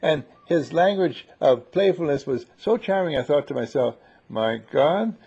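A man with a gravelly, husky voice talks in a loose, rambling, playful way, stopping and restarting as he goes. His tone is dark and mellow, and the lo-fi recording sounds dull. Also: on the high side, lively intonation, moderate pace. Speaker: seminar leader. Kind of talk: casual group conversation.

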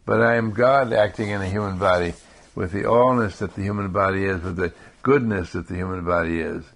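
A man giving a calm spiritual talk in slow, repetitive affirmations. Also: sits low, gravelly. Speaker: spiritual speaker.

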